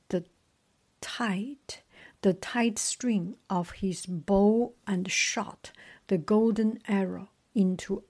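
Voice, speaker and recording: Very slow whispering woman storyteller. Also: mid-range voice, dark tone. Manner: mostly whispered reading with asides.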